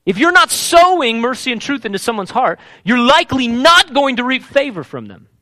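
Pastor type, male, high bright voice with big swings, emphatic sermon delivery, dry close sound. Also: sing-song, fairly quick, no echo. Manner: emphatic, repeats key words.

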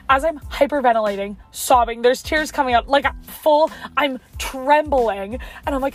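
A woman's voice: high-pitched, faint music behind. Chatty young woman vlogging from her car. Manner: chatty, fast, heavy use of "like". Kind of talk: casual vlog storytelling. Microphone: phone.

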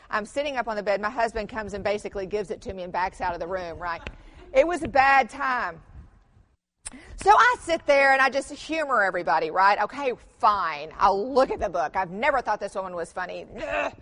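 A middle-aged woman giving a conference workshop talk, telling family stories with humor and lively emphasis. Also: mid-range voice. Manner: animated storytelling with humor, mixes in quoted voices. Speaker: conference speaker.

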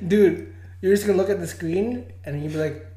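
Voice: mid-range voice, normal speed, mellow. A podcast co-host in casual chat, teasing their friend, laughing often and swearing freely. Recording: echoey room.

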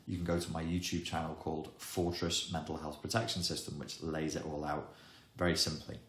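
A man gives an emphatic self-help talk, wry in tone and fond of dramatic pauses. His voice sits very low. The sound is roomy and echoing. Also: level tone, fairly bright tone. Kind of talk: explanatory monologue to camera. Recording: echoey room.

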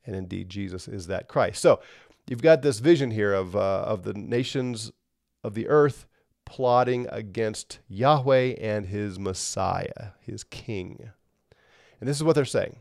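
Gravelly low-voiced male Bible teacher. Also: a little slow, a little mellow, dry recording, clean studio sound. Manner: conversational, checks in with "right?".

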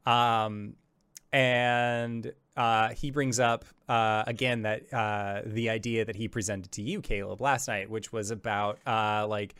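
A man's voice: medium pitch, little pitch movement, takes it slowly, a bit bright, clean tone, no echo. A man narrating as game master of a tabletop game, rambling with lots of fillers.

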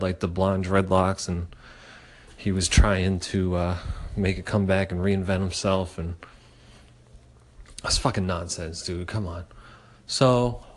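Animated, profane male storyteller. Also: lowish voice, slight background noise. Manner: animated and profane, with frequent fillers. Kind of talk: casual personal storytelling.

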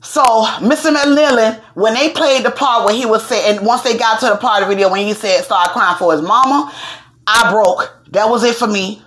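A woman's voice: fairly high pitch, moderate pace, a bit bright. A woman hosting a show, giving casual commentary in a blunt, emphatic way and swearing freely. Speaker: host.

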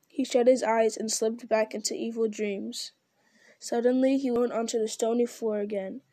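A woman narrating a fantasy story aloud in a steady, measured reading style. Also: a little high, dry recording. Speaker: audiobook reader.

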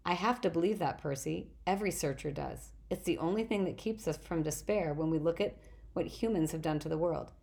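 A woman with a gravelly voice reading the lines of an earnest young male satyr in a storybook, wistful and at times indignant. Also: low voice, fairly quick, a little mellow. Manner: pleading, wistful, indignant at humans.

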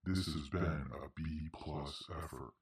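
A man putting on a very deep, pitched-down announcer voice to give a slow, dry, self-deprecating sign-off. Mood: deadpan. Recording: roomy echo from a distance.

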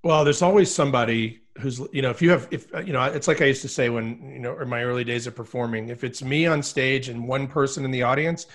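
A man speaking as an interview guest in a relaxed podcast chat. His voice sits in an ordinary middle pitch, and he leans into his points with emphatic rhetorical questions. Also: quick pace, hardly any pauses.

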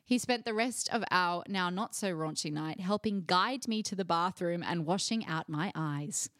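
A woman's voice: lowish voice, normal speed, dry recording, clean studio sound. A young woman with an Australian accent, co-hosting a podcast and reading a listener's letter aloud with laughter. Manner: animated, laughing reader. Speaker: podcast co-host.

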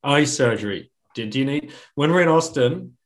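A man's voice: mid-range voice, expressive, moderate pace. An English man hosting a podcast, joking and rambling with plenty of restarts. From England. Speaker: podcast host.

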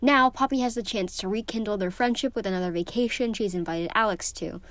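A woman's voice: medium pitch, fairly quick, fairly bright tone, dry recording. A teenage girl chatting casually in a book vlog, gushing and emotional, with lots of ums and likes. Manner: gushing and emotional, many fillers. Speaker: book vlogger.

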